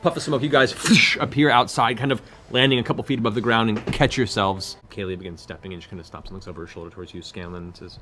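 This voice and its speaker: A man's voice: on the low side, steady tone, fast, hardly any pauses, a bit bright, soft background music. A man narrating a tabletop game as game master, in a loose, descriptive way.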